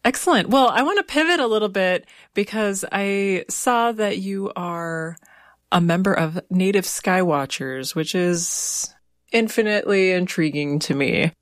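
A woman's voice: mid-range voice, expressive, unhurried, no echo, studio quality. A woman hosting an interview, asking curious, encouraging questions. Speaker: interviewer, host.

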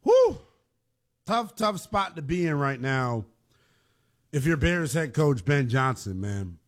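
A man's voice: mid-range voice, expressive, a little slow. A man hosting a sports talk show, giving emphatic, opinionated commentary while sounding emotionally shaken. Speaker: sports radio host.

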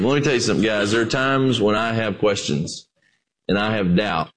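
A middle-aged man preaching a sermon, telling stories and talking to his listeners as "guys" in a relaxed, conversational way. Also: lowish voice, brisk. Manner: storytelling with acted quotes, conversational asides to "guys". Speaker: pastor.

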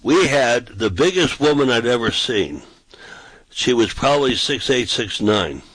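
A man's voice: mid-range voice, animated, measured pace, fairly bright tone, husky, dry recording, poor audio. A man who is a pastor and street preacher, telling anecdotes casually and acting out the quotes in a raised voice. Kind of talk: casual storytelling on a talk show.

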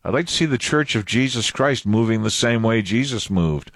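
A male preacher giving a sermon with a lively, rising and falling voice. He repeats key phrases for emphasis and explains the passage line by line. The sound is dry and close. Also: on the low side, moderate pace, no room sound. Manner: expressive, repeats and stresses phrases.

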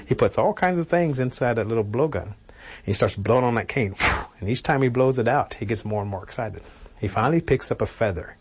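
A man telling a traditional folk tale in an unhurried, animated way, acting out sounds. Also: medium pitch, dull audio, background noise. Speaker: storyteller. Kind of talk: traditional oral storytelling.

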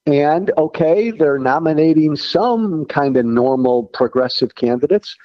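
A man's voice: on the high side, expressive, measured pace, dry recording, highs cut off. A man who once served in Congress, giving blunt, folksy political opinions in an interview. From Illinois. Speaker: former congressman guest.

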